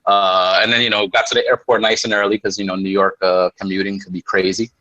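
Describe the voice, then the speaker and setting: A man in casual chat, telling a trip story in a relaxed way with lots of fillers. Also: sits low, quick pace, dry recording, dull audio. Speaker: co-host.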